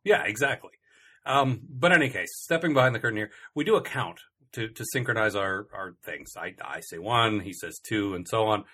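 A man co-hosts a casual comedy podcast, his voice bright with a husky edge. He rambles, starts over mid-sentence, and keeps slipping in dry complaints for laughs. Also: lowish voice, fairly quick. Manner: rambling, self-interrupting, dry complaining humor. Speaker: podcast co-host.

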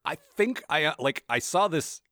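A man co-hosting a podcast in casual chat, laughing often and slipping into quick character voices. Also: a little high, no echo, clean studio sound. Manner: chatty, laughs often, lively voice impressions. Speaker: podcast co-host.

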